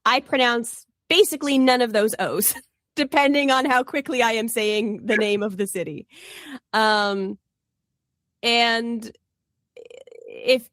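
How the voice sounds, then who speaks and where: A woman's voice: a little high, measured pace, a bit bright, no room sound, studio quality. A Canadian woman from the Toronto area, co-hosting a podcast in casual chat, talkative and laughing often as she wanders off on tangents. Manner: chatty, laughs often, digressive. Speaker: podcast co-host.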